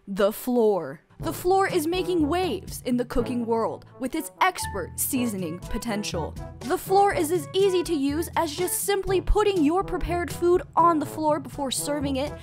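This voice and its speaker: A woman doing a peppy infomercial announcer. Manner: salesy, exaggerated pitch. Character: upbeat female infomercial announcer.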